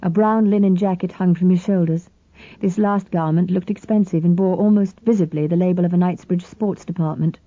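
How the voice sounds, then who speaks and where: A woman reads a novel aloud in the first person, her voice low and deeply mellow. Her delivery is even and measured. The recording is dry and slightly dull, with a lo-fi edge. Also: dry recording. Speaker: audiobook narrator. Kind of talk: scripted first-person narration.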